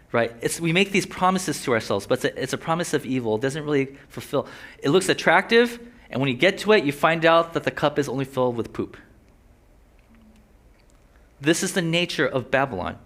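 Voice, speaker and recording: A man's voice: a little high, expressive, brisk, fairly bright tone. A young man preaching a sermon in a loose, conversational way, with a slight lisp from a sore tongue, breaking into joking asides. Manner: conversational, joking asides, voices inner thoughts.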